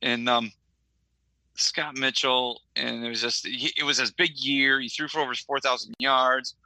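A man's voice: mid-range voice, fairly even intonation, measured pace, bright, forceful tone, dry recording, low-quality recording. A middle-aged man from Michigan, a podcast co-host, telling a rambling story in casual chat with lots of fillers.

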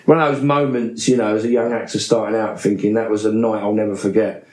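A man, an actor guest telling animated anecdotes on a podcast. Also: on the low side, fast talker, roomy sound. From England. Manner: animated storyteller, name-dropping with laughter.

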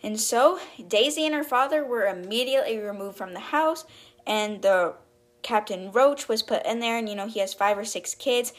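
A woman's voice: on the high side, normal speed. Chatty young woman recapping a story. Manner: chatty, acts out quotes in brief voices. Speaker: podcast host retelling a book.

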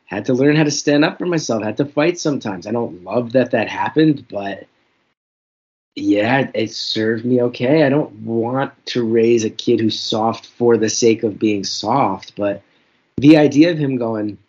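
A man talks frankly and reflectively as an interview guest, often poking fun at himself. His voice is breathy and husky. The recording sounds muffled and lo-fi. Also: medium pitch, unhurried, a little mellow. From New Jersey. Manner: reflective, self-deprecating, frank. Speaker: guest comedian. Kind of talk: candid interview storytelling. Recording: dull lo-fi recording.

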